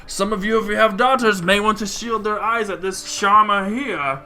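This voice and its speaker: A man doing a booming arena announcer. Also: faint music behind. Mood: announcing. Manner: loud, slow, showman announcing. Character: booming male dwarf arena taskmaster.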